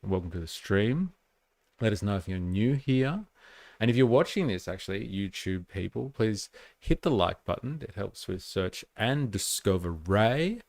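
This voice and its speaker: A gravelly, lower-voiced man with a Western Sydney Australian accent, talking in a casual, rambling way full of "like" fillers as he reads out viewer comments. The recording is dry and close, with no room sound. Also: big pitch swings, a little slow, a little mellow, no echo. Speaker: live stream host. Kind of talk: casual political commentary stream.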